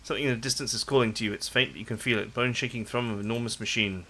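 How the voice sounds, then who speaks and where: A man's voice: medium pitch, steady tone, very fast, hardly any pauses, fairly bright tone. A man hosting a let's play, reading game text aloud dramatically and chatting casually about the game with lots of "like". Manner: casual asides full of "like", dramatic read-aloud of game prose.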